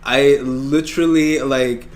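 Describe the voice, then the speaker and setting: A man's voice: medium pitch, steady tone, slow. A young man casually telling a funny story on a podcast, swearing and laughing as he goes. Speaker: podcast co-host.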